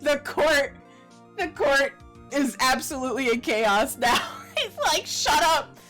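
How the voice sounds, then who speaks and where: Excitable, high-voiced young woman streamer. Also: takes it slowly, faint music behind. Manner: excitable, laughing, swears freely. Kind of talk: casual gaming commentary.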